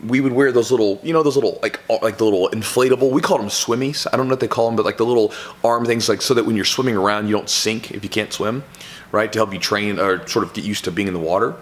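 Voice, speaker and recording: A man who coaches jiu-jitsu, giving loose, conversational advice to camera, full of fillers and "right?" tags. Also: fairly low pitch. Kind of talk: casual advice talk to camera.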